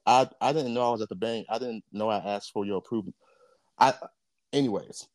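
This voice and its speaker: A man's voice: on the low side, a little fast, a little mellow, dry recording. A man co-hosting a podcast, talking in a blunt, profane and impassioned casual rant. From Jamaica. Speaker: podcast co-host.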